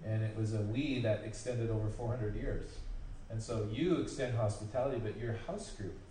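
A man's voice: fairly low pitch, normal speed, warm tone, far from the mic. A man leading a church service, speaking in an encouraging, thoughtful way with some fillers. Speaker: pastor. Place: church hall. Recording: echoey hall, off-mic, faint noise.

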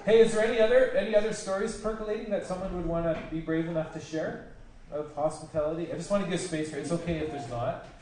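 A man's voice: a little high, fast talker, darkish tone, far from the mic. A man leading a church service, speaking in an encouraging, thoughtful way with some fillers. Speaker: pastor. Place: church hall. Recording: echoey hall, off-mic, faint noise.

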